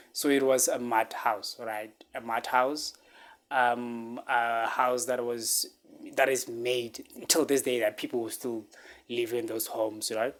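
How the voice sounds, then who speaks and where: This is a man with a mid-pitched voice who speaks at an unhurried, measured pace. He tells a personal story in halting speech, full of fillers and restarts, and he circles back to repeat the same phrases. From South Africa. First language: a local South African language. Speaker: vlogger.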